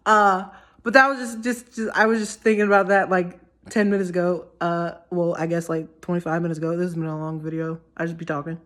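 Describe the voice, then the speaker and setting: A woman's voice: fairly low pitch, little pitch movement, a little fast, a bit bright. A tired young woman vlogging casually, giddy and giggly, rambling with many restarts.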